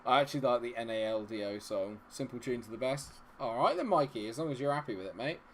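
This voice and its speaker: A young adult man hosting a live gameplay stream, chatting with viewers and cheering loudly at the game. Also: mid-range voice, expressive, quick pace, slight background noise. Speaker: gaming livestream host. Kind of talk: live gameplay commentary and chat reading.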